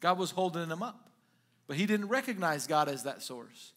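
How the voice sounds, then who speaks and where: A male pastor preaching a conversational sermon, dropping in frequent "okay?" asides and animated retellings of scripture. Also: fairly high pitch, moderate pace.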